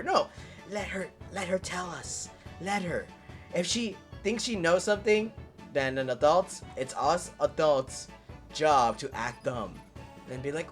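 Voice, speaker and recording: A young woman streaming a detective game, riffing loudly on the story and swearing now and then. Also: sits low, moderate pace, faint music behind. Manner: animated, swears and laughs, riffs on the story. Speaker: gaming streamer. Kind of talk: let's-play commentary, reading game dialogue aloud.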